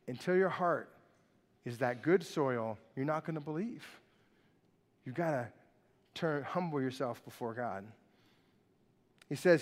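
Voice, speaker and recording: A male pastor preaching a sermon, reading scripture aloud and acting out the mockers in a raised voice. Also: sits high. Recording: long hall reverb.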